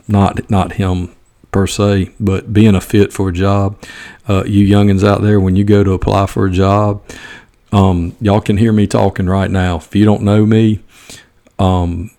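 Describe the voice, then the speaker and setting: Gravelly Georgia-accented man, folksy and blunt. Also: low-pitched, level tone, measured pace, mellow. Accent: Southern US, Georgia. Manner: folksy, blunt, rambling with many fillers. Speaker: podcast host. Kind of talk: casual opinion monologue.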